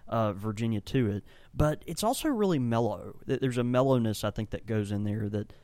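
A man's voice: medium pitch, animated, brisk, mellow. A man with an ordinary mid-range voice chats casually on a podcast, piling up eager descriptions. The sound is dry and close, with no room echo. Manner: enthusiastic, rambling, descriptive. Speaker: podcast co-host and tobacco shop blender. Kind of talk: casual chat. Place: tobacco shop.

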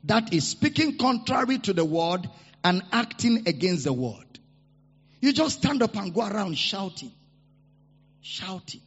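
A man preaching a sermon to a congregation. He repeats his key lines and leads the people in loud declarations. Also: sits high, big pitch swings, measured pace, pauses often, breathy edge. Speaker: pastor. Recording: reverberant hall, dull lo-fi sound.

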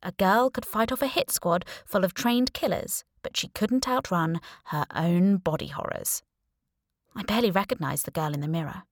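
A woman narrating a first-person audiobook in a wry, lively storytelling manner, close to the mic. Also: medium pitch, normal speed, no echo.

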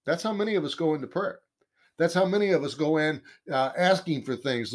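An earnest man gives a conversational Bible lesson, his voice sitting a little higher than most men's. He leans on repetition to drive points home. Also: expressive, normal speed. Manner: earnest, emphatic, repeats key phrases. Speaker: Bible teacher.

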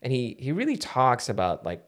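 A man's voice: medium pitch, moderate pace. A young man co-hosting a podcast, chatting casually, laughing often and rambling. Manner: animated, laughing, rambling with restarts. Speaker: podcast co-host. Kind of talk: casual chat.

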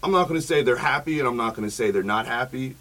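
A man's voice: mid-range voice, quick pace, sharp tone. A man speaking in a casual group chat as the guest, rambling through a story with lots of fillers.

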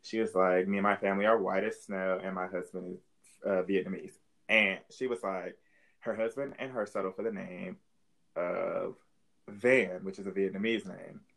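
A man co-hosting a casual chat show, telling a story with loud laughter and sudden high-pitched, swearing exclamations. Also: steady tone, normal speed, vocal fry, low-quality recording. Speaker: podcast co-host.

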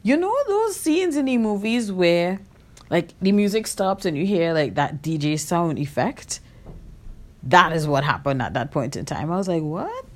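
A woman's voice: fairly low pitch, lively intonation, normal speed, a little mellow. A woman hosting a podcast, telling a personal story in a candid, reflective way, with many fillers and self-corrections. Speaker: podcast host.

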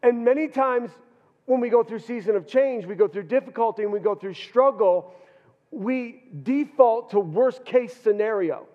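A man's voice: extremely high pitch, moderate pace. A male pastor preaching a sermon, earnest, often repeating words as he builds his point. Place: church hall. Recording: dull reverberant church hall.

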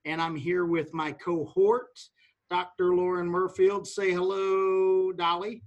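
A man's voice: high voice, little pitch movement, slow, lo-fi sound. Older man hosting a business show. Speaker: co-host of a business talk show. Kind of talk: scripted show opening and casual banter.

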